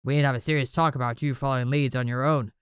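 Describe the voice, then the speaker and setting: A woman voicing a large, fatherly man with an eye patch who scolds firmly and speaks in a lowered voice. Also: steady tone, very fast, clear, resonant tone, dry recording, studio quality. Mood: stern. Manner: firm, scolding.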